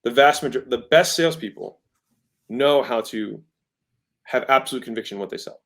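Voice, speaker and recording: In his thirties and a guest on a podcast, this man discusses sales conversationally in a mid-range, creaky yet fairly bright voice at a moderate pace. He's emphatic, regularly shifting his tone to make a point.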